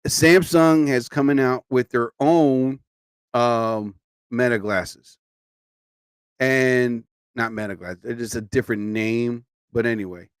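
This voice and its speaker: Taking it slowly, a tired man hosts a live stream in a medium-pitched, clean-toned voice. He sounds sleepy as he chats casually and rambles, with frequent exclamations. A studio mic captures it dry.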